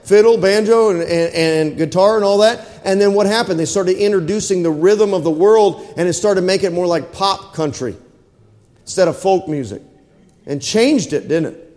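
A man with a high voice delivers a sermon in a church. His talk is folksy, and he keeps asking his listeners whether they follow. The sound trails off in a long church reverb. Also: moderate pace, darkish tone. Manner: folksy, asks the congregation questions. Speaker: pastor. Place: church hall.

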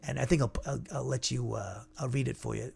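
Gravelly man teaching an informal Bible lesson. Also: medium pitch, steady tone, a little fast, darkish tone, a little hiss or hum. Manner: conversational and digressive, thinking aloud.

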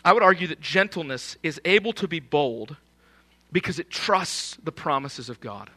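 A man's voice: fairly high pitch, expressive, normal speed, bright, forceful tone. A man preaching a sermon in an emphatic, conversational way, often posing rhetorical questions.

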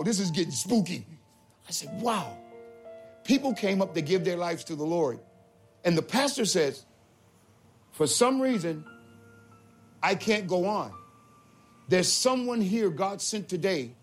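A man telling his conversion testimony as a story, swinging between excited high retellings and low, solemn moments. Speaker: testimony speaker. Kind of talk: spoken testimony.

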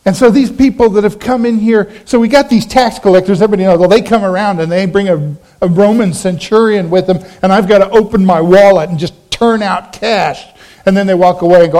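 A man's voice: high voice, fairly quick. A middle-aged male pastor preaching a sermon, telling a personal story and acting out the people in it. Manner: animated storytelling, acting out quoted voices.

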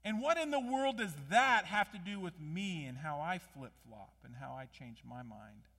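A man preaches a sermon in a high, lively voice, throwing rhetorical questions at the crowd and rising to loud emphasis before dropping back down. His voice rings out with a long reverb in a church sanctuary. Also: normal speed, vocal fry. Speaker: pastor.

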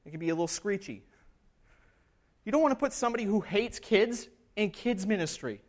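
A male pastor preaches an expository sermon in a high-pitched, animated voice at a slightly fast pace. He stays earnest and conversational, checking in with "right?" and working up to emphatic passages.

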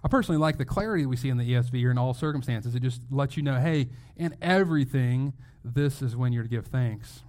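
A man's voice: medium pitch, fast talker, hardly any pauses, darkish tone. A male pastor giving a sermon in a conversational way, asking rhetorical questions and restarting phrases as he goes.

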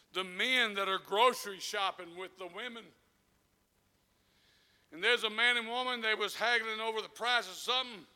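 A man preaching a sermon in a church, swinging from low storytelling to shouted, drawn-out declarations. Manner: impassioned preaching with shouted peaks and drawn-out phrases. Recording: long reverb of a large hall.

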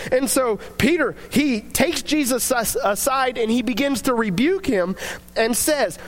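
Very high-voiced young man, chatty devotional talk. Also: a little slow. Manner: chatty, filler-heavy storytelling. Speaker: devotional speaker.

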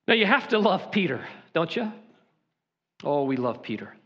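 A man preaching a sermon to his congregation with a Southern accent, emphatic and full of dramatic pauses. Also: fairly high pitch, sing-song, pushed and bright, dull audio. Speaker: pastor. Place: church sanctuary.

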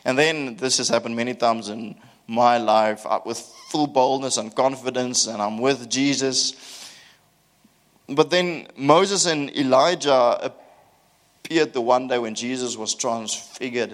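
A man preaching a sermon, telling the story in an animated way with self-mocking humor. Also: medium pitch, a little slow.

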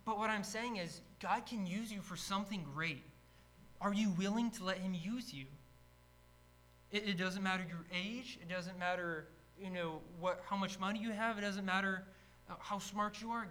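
High-voiced man teaching a Bible study. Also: normal speed, slight background noise, poor audio. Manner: casual and energetic, acts out shouted quotes.

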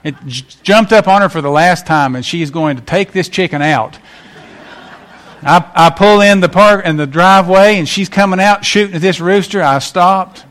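A man preaches in a folksy, storytelling way. His voice sits a little higher than most men's. He breaks into lively acted-out quotes as he goes. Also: normal speed. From West Virginia. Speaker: pastor. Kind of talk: sermon.

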